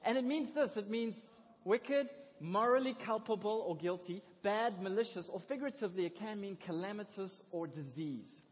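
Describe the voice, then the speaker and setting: A man preaching a sermon in a lively, conversational way, with excited asides. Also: high-pitched, moderate pace, slightly rough. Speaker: pastor. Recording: dull lo-fi recording in a reverberant hall.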